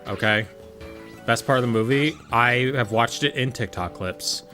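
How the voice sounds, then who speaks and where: A man streaming a game, chatting casually and joking in quick, rambling asides to his viewers. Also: mid-range voice, bright, forceful tone, faint music behind. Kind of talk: casual livestream chat while gaming.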